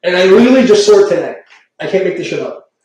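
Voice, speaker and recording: A man's voice: high-pitched, lively intonation, quick pace, a little mellow, lo-fi sound. A man chatting casually and profanely on a live stream as a tarot reader, rambling and laughing often. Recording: very echoey room, mic far off.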